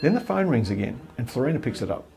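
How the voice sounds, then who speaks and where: An older man telling a jokey story in a casual, animated way. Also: mid-range voice, fast, vocal fry, music in the background. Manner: jokey, animated, acts out voices.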